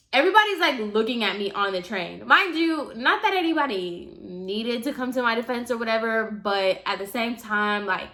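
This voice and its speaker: A young woman vlogger telling a personal story in a chatty, animated way, full of asides. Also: fairly high pitch. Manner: chatty, animated, fillers like "mind you". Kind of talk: casual storytime.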